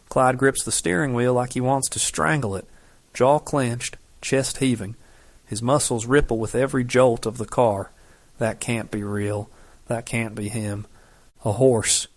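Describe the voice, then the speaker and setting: A man reading a romance audiobook in scripted narration, steady and measured. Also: medium pitch, dry recording.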